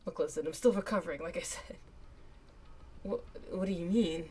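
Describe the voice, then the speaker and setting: A woman streamer reading a game aloud and voicing its characters, animated, with a voice that cracks and goes raspy up high. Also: normal speed, faint music behind. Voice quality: raspy in higher register. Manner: animated, laughs often, voice cracks on high notes. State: hiccups.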